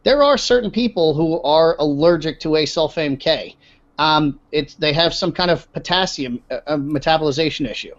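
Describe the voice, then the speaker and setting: Blunt man, fairly high voice, muffled. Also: moderate pace. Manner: blunt, opinionated, profane. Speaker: podcast host. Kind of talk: casual podcast chat. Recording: dull lo-fi sound.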